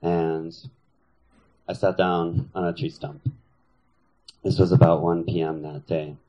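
Deep, flat-voiced man, dull recording. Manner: measured, serious, deliberate. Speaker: storyteller. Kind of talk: personal story told to a live audience. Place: room with an audience.

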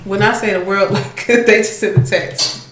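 A woman's voice: mid-range voice, steady tone, moderate pace. A woman co-hosting a podcast, musing reflectively in casual chat. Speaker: podcast co-host. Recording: roomy echo with faint noise.

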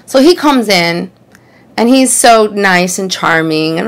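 A woman's voice: mid-range voice, expressive, slow pace. A young woman telling a funny personal story in a chatty, rambling way, full of "like" and "you know.". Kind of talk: casual comedic storytelling.

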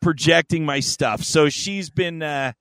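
A man's voice: on the high side, measured pace, a bit bright, dry recording. A man co-hosting a podcast, telling a story in a rambling, profane, joking way. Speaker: podcast co-host. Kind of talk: casual chat.

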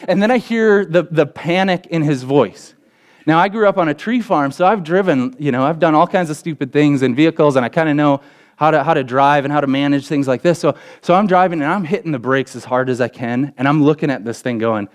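A young adult man, a pastor, preaching a sermon and telling a story with lively acted quotes. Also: a little fast, clear, resonant tone. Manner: storytelling with acted quotes, pitch jumping up in excited parts.

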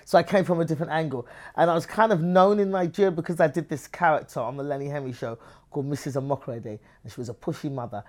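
Animated English woman comedian. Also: sits low, fast. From England. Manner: animated, acts out other people's voices in her stories. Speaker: comedian guest. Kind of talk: lively interview conversation.

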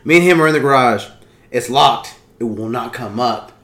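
Animated, profane man in a roomy room. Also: mid-range voice, moderate pace. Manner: profane, animated storyteller who laughs often. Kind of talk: casual chat. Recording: roomy echo.

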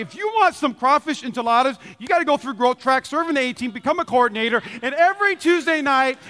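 Male pastor, very high and bright voice, passionate repetitive preaching in a church with long reverb. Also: lively intonation, quick pace, few pauses. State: sweaty. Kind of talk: sermon. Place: church sanctuary.

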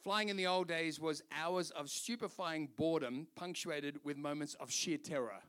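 Australian male pastor, sermon, high bright tone, animated storyteller. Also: normal speed, hardly any pauses. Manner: animated storytelling, laughing, doing voices.

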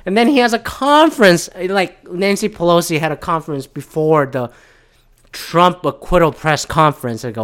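Here the same Michigan podcaster's politics rant sounds a bit high and animated, at a moderate pace with a slightly bright tone. He's still profane, rambling, and sarcastic, mocking others by imitating their voices.

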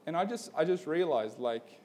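A higher-voiced pastor gives a conversational sermon, animated and at a moderate pace with a darkish tone. His casual storytelling is peppered with "like" and "man," and it builds to an urgent appeal.

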